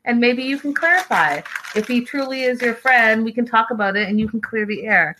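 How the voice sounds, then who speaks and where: A woman host chatting on a casual livestream with a bright, forward voice. She talks to her viewers directly and reacts to their comments in an animated, gossipy way. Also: fairly high pitch, a little fast, slight background noise, rough recording. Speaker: livestream host reading chat. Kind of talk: casual reality-show recap livestream.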